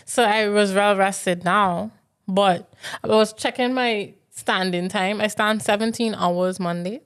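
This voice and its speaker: Brief: woman co-host, mid-pitched, easygoing storyteller, informal phrasing. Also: steady tone, a little slow, clean tone. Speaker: podcast co-host. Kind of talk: casual chat.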